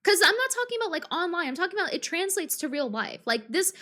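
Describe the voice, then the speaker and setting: A woman's voice: very high voice, sing-song, fast talker, pushed and bright. A woman streamer ranting on a live stream in a combative, profane way, full of fillers and restarts. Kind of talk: live-stream reaction rant.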